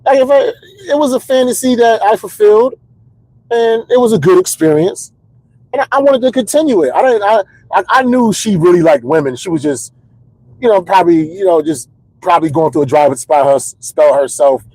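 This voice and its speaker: A man's voice: high voice, animated, moderate pace, warm tone, no echo, rough recording. A stand-up comedian telling candid, rambling comedic stories in casual chat, repeating words as he builds the jokes.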